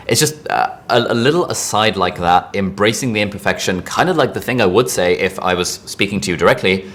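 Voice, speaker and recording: Male instructor, low voice, quick and rambling, casual lesson delivery. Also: fairly bright tone, slight background noise. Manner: chatty, rambling asides, frequent "like". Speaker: online course instructor.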